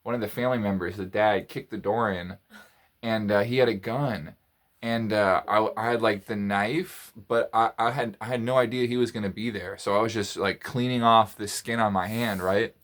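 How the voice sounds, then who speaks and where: A man's voice: on the low side, fairly even intonation, normal speed, fairly bright tone. A man telling a story in a casual monologue, rambling, repeating phrases and restarting his sentences. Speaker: podcast host.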